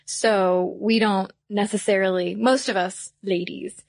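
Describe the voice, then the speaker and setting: A woman's voice: mid-range voice, fairly even intonation, measured pace, no echo. A woman from Georgia co-hosting a podcast, explaining things in an easygoing casual chat. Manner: easygoing, explanatory, laughs along. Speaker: podcast co-host.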